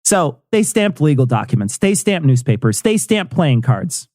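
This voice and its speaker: A man's voice: a little high, sing-song, normal speed, a little mellow, no echo, studio quality. A man co-hosting a comedy history podcast, explaining events with jokes and frequent laughs. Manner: joking, laughs often. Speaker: podcast co-host.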